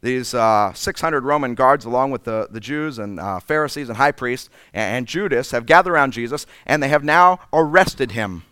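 A man preaching a sermon, dramatic and emphatic, dropping at times to breathy whispers. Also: mid-range voice, moderate pace, few pauses, a bit bright, no echo, studio quality.

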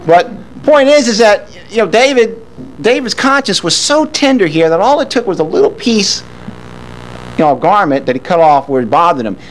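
A man preaching a sermon, reading a Bible passage and retelling it with animated asides, acting out the characters' lines. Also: moderate pace, slight background noise, poor audio. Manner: animated, with sharp swings in pitch for emphasis.

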